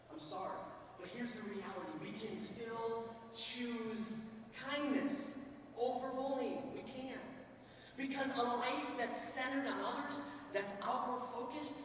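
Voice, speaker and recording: A man delivers a motivational school talk, cracking sarcastic jokes and pulling students into the moment. His voice carries through a large, echoing hall from some way off the mic. A clear room hum sits underneath him. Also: very high voice. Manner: joking, sarcastic, animated with the crowd. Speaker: school assembly speaker. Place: school gym or auditorium. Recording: echoey hall from far off.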